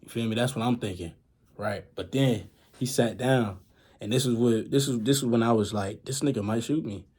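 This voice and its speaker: A young man in a casual storytime vlog, retelling events in an animated, slangy, dramatic way with a husky voice. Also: medium pitch, normal speed. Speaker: vlogger.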